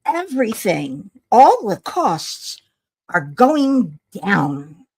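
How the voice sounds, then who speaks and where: A woman's voice: medium pitch, big pitch swings, extremely slow, a little mellow, husky. An older woman, tired and yawning, rambling wryly to herself while she crafts at home on a livestream. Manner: rambling, self-talking, wry and chatty. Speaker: livestream host. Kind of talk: casual chat while crafting.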